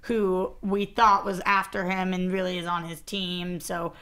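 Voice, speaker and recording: A woman's voice: fairly low pitch, flat delivery, a little slow, a bit bright, clean tone. A woman co-hosting a casual film discussion panel, weighing and qualifying her opinions as she talks.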